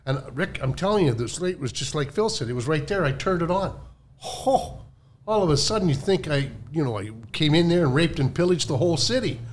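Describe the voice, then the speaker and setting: A man on a podcast tells a lively story with a voice that swoops up and down. It sits slightly high. Faint background hiss sits under the talk. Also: fairly quick. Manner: animated, acts out the people in his stories. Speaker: podcast co-host. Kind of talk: casual storytelling chat.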